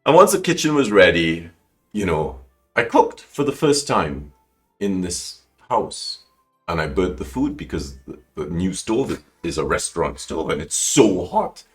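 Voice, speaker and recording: A man telling an emotional personal story as a podcast guest, animated and rambling, with frequent restarts. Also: unhurried, faint music behind. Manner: animated, acts out quoted lines with big pitch jumps. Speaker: guest calligrapher.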